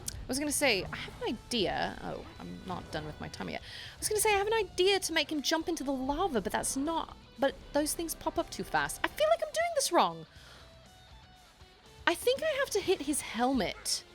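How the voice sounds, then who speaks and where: Chatty, lively young woman game streamer. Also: sits high, a little fast, creaky, soft background music. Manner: chatty, self-deprecating, thinks aloud with frequent restarts. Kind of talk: live game stream chat.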